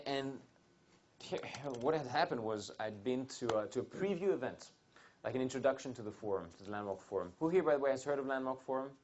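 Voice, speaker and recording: Animated male seminar speaker. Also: medium pitch, highs cut off. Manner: animated storytelling, asks the audience questions. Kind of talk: motivational seminar talk. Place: seminar room with live audience.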